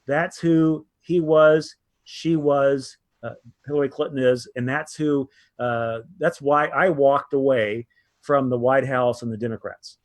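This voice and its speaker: A man's voice: mid-range voice, fairly even intonation, measured pace, no echo. Emphatic man, dry close sound. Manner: emphatic, with frequent restarts. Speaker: guest, former military aide. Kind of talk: interview storytelling.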